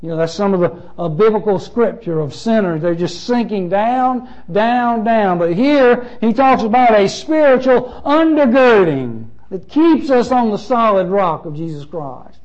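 Pastor, male, high voice, emphatic sermon delivery, lo-fi church recording. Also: animated, normal speed, few pauses, darkish tone. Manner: emphatic, repeats phrases with shifting stress.

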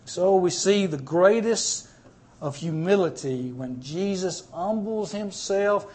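A man preaching a sermon. He speaks emphatically, with sudden swings in loudness and repeated words. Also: sits high, expressive, a little slow.

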